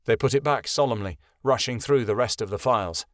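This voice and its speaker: A man narrating a fantasy audiobook in a steady storytelling voice. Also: mid-range voice, fairly quick, dry recording, clean studio sound. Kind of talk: scripted narration.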